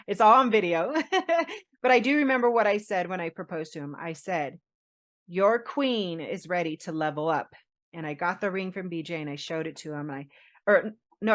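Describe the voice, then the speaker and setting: A woman in her forties, a podcast co-host, telling a personal story in an animated, laughing way. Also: medium pitch. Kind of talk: casual storytelling chat.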